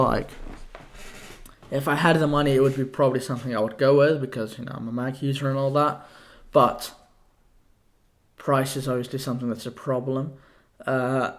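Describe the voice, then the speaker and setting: A young man hosting a solo tech podcast, talking casually and rambling with lots of fillers, a little out of breath. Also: mid-range voice. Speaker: podcast host.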